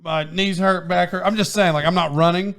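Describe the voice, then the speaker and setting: A podcast host with a somewhat high, fairly bright, creaky voice tells a story in loose, casual chat, talking fairly quickly in a steady tone. He rambles, restarts sentences and laughs along the way, speaking into a foam-windscreened microphone.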